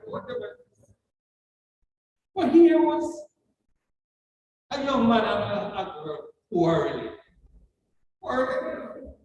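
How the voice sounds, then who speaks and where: Slow, earnest Jamaican speaker in echoey hall. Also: mid-range voice, far from the mic, noisy background. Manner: earnest storytelling, repeats words for emphasis. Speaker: guest speaker at a justice of the peace commissioning. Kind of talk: ceremonial address.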